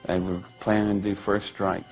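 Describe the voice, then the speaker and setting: A man being interviewed, telling a long story in a lively way and acting out the voices of people he quotes. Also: lowish voice, normal speed, lo-fi sound, soft background music. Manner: animated, acts out quoted voices. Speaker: interview guest.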